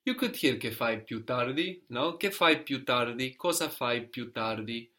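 A man's voice: mid-range voice, lively intonation, a little slow, sharp tone. Patient man teaching a language lesson. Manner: patient, encouraging, explains step by step.

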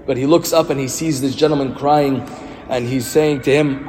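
A male priest delivers a storytelling sermon in a mid-pitched, conversational voice. He asks his listeners rhetorical questions as he goes. The church hall rings with a long, roomy echo, and faint ambient noise sits behind him. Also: fairly even intonation, normal speed, a little mellow.

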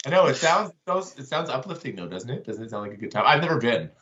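Teasing musician guest with a lively voice. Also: male voice, mid-range voice, quick pace, highs cut off, slight background noise. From Canada. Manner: teasing, deadpan jokes, laughs often. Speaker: guest band member. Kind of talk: casual chat.

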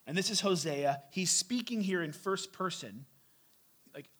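A man's voice: high-pitched, lively intonation, a little slow, fairly bright tone, breathy edge. A man in his forties preaching a sermon in a loose, conversational way, with asides to the congregation. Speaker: pastor.

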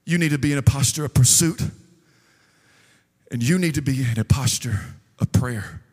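A male pastor preaching a sermon, telling stories lively and acting out the quotes. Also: medium pitch, moderate pace. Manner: lively storytelling with acted quotes. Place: church sanctuary. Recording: long hall reverb.

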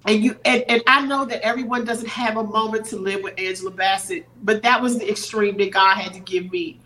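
A woman's voice: medium pitch, steady tone, a little fast, pushed and bright, poor audio. A middle-aged woman on a podcast, telling a personal story earnestly and teary-eyed, acting out what others said. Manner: earnest, acts out quoted voices. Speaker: podcast guest. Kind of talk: emotional storytelling.

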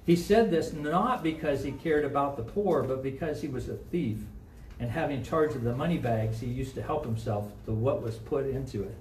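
Conversational Midwestern pastor preaching in an echoey church. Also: male voice, mid-range voice, moderate pace, a little mellow, slight background noise. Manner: conversational, asks the congregation questions. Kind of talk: sermon. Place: church sanctuary. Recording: echoey room, mic from a distance.

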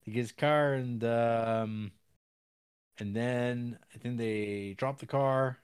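A man co-hosting a podcast, casually recapping a film in a rambling, halting way with many restarts. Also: mid-range voice, steady tone, smooth. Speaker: podcast co-host.

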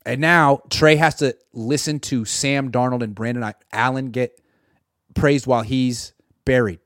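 A man giving solo sports reaction commentary, sarcastic and animated, acting out imagined quotes from the people he talks about. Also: medium pitch, a little slow, no room sound, clean studio sound.

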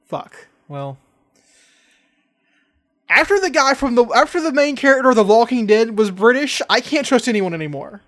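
High-voiced man joking on a podcast. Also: sing-song, normal speed, long pauses, a bit bright. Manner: joking, profane, rambling. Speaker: podcast co-host. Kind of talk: casual chat.

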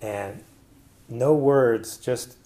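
A man's voice: mid-range voice, drawn-out words, dark tone. A man presenting to an audience in a casual personal style, rambling with many fillers and restarts. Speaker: conference presenter.

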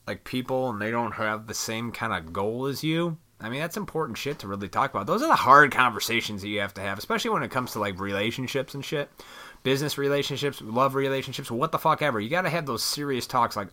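A man rambling in a casual venting monologue to his viewers, swearing freely and animated. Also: mid-range voice, quick pace. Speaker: vlogger.

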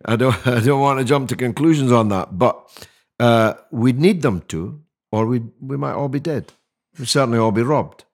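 An older man with a medium-pitched voice speaks at normal speed as a mayoral candidate guest on a podcast interview. He talks emphatically and rhetorically, restarting his sentences many times.

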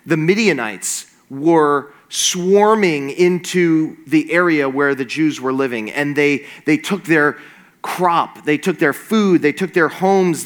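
Animated man preaching a sermon. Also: a little high. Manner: animated storytelling, acts out quoted voices.

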